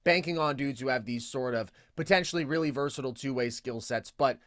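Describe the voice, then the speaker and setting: A man's voice: medium pitch, fairly bright tone, no echo. Confident man listing traits in a dry recording. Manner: confident, fluent, rapid lists of traits. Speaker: podcast co-host. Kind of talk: casual analytical chat.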